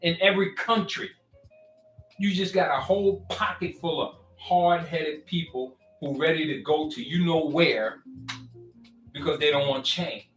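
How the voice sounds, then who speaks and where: A man's voice: a little high, a little slow. A man giving a casual, preachy motivational talk to his online followers. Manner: preachy and animated, with call-and-response asides. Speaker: vlogger talking to his followers. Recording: roomy and distant, faint music behind.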